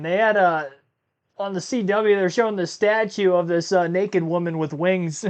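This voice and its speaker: A man's voice: high voice, measured pace, pauses often, clear, resonant tone. A man from Ohio hosting a live race-watching stream, chatting casually, rambling and correcting himself as he goes. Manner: rambling, laughs while talking, self-correcting. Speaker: livestream host. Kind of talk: casual live commentary chat.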